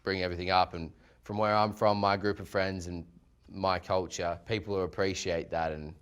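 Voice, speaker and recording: Young man, Australian accent, very low pitch, laid-back, swears a lot, casual chat. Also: flat delivery, normal speed, fairly bright tone, clean tone, muffled recording. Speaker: yacht crew member on a reality-show after show.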